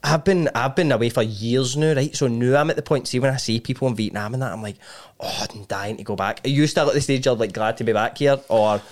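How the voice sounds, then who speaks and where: A man's voice: mid-range voice, fast. A man with a Scottish accent hosting a podcast, asking loose, rambling questions full of fillers. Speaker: podcast host. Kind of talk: casual chat.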